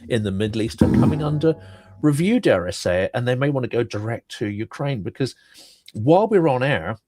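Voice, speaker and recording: A man's voice: mid-range voice, lively intonation, brisk, dark tone, faint music behind. A man hosting an interview podcast, asking questions and adding wry, dry asides. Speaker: podcast host.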